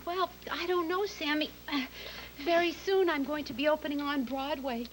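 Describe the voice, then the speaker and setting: An actress playing a flustered young actress who rambles with ums and trails off, in a sketch comedy talk-show bit. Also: female voice, sits high, fairly even intonation, moderate pace, a little hiss or hum, lightly acted, rough recording. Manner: hesitant, full of ums and trailing off.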